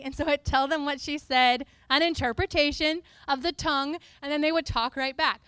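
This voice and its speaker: A woman preacher gives an animated, playful teaching talk to a live congregation. Her voice sits high and sounds bright and forward. The sound is dry and close. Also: moderate pace, few pauses, no echo. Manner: animated, playful, breaks into sung and spoken snippets.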